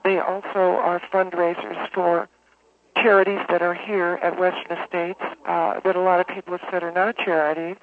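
A man voicing a pompous, self-important homeowners association president who talks in a halting monotone full of uhs, heard over a phone line. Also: high voice, no room sound, pitched above the performer's own voice. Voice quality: monotone droning. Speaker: caller.

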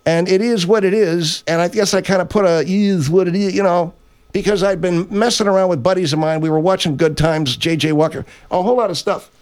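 A man's voice: high voice, a little fast, darkish tone, clear, resonant tone, close to an everyday voice. A man playing a blustery grocery-chain boss. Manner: blustery, rambling, self-correcting. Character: brash older male grocery chain owner hosting a radio show. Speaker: radio host character. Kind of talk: improvised comedy radio bit.

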